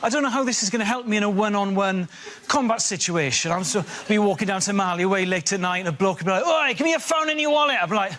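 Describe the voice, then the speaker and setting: A man in his thirties doing a stand-up routine, animated and bursting into shrill character voices. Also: fast. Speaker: comedian.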